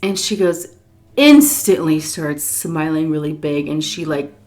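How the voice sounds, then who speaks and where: Lively storytelling woman, slightly low voice. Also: unhurried. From Texas. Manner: animated, jumps into high quoted voices; drops to soft whispers between bites. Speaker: mukbang storyteller. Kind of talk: casual storytelling while eating.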